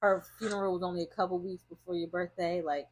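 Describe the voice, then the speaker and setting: A young woman hosting a podcast, asking questions in a gentle, rambling way. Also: fairly low pitch, steady tone, fast, heavy background noise. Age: young adult. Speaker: podcast host. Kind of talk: casual chat.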